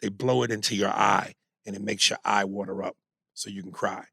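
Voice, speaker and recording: A man co-hosting a podcast in casual chat, talking in an animated, emphatic and profane way. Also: fairly low pitch, brisk, creaky, slightly rough, dry recording, clean studio sound. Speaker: podcast co-host.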